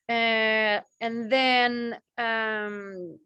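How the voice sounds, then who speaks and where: A woman's voice: medium pitch, a little slow, a bit bright. A woman with a Balinese accent giving an informal spiritual teaching, rambling, repeating phrases and acting out short quotes.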